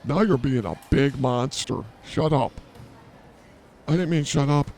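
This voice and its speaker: Teasing man with a gravelly voice. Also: medium pitch, a little slow, darkish tone, slight background noise. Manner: playful, teasing banter. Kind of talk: improvised comedy podcast.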